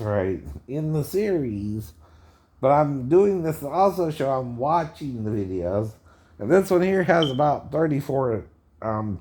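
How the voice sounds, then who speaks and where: A man's voice: medium pitch, mellow. A man in his fifties giving rambling commentary on a video, chuckling often and tagging his sentences with "right?".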